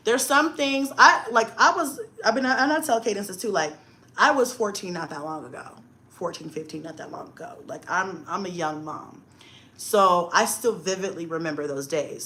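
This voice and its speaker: A woman in her forties on a livestream, telling stories in a lively way, swearing freely and talking straight to her viewers. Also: mid-range voice. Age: 40s. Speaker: livestream host. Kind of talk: casual livestream chat.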